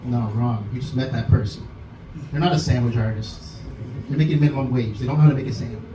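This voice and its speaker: A man's voice: medium pitch, quick pace. Dry self-deprecating male stand-up. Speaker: stand-up comic. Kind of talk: stand-up set. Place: comedy club stage. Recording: echoey club room from far off, noisy.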